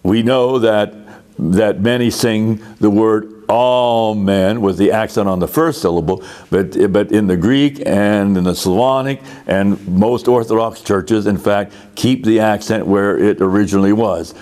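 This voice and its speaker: A man's voice: on the low side, a little slow, darkish tone. A man teaching a conducting lesson, patient and explanatory, often repeating words as he goes. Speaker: music teacher.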